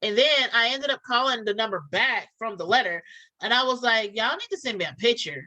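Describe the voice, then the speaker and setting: A woman's voice: on the high side, expressive, fairly quick, bright, forceful tone, rough recording. A woman chatting casually, telling a story and acting out both sides of phone calls. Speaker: podcast co-host telling a story.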